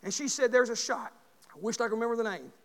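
A man, preaching a sermon in a church by telling a story, rising from quiet talk to shouting. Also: extremely high pitch, expressive, quick pace. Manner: builds to shouting. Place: church sanctuary. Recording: long hall reverb.

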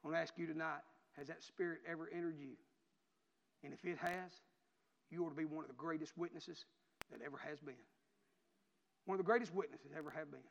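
A middle-aged man preaching an impassioned revival sermon, swinging from loud outbursts to hushed folksy asides. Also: fairly high pitch, steady tone, brisk, gravelly, long pauses. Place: church sanctuary. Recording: dull lo-fi recording in a reverberant church.

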